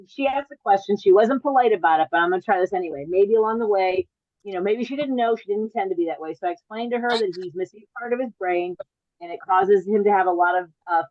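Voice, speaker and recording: A woman's voice: medium pitch, fast, dry recording, phone-quality sound. A woman comedian doing a rambling stand-up set over a video call, often stopping and restarting her sentences and laughing at her own jokes. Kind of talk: stand-up set on a virtual show.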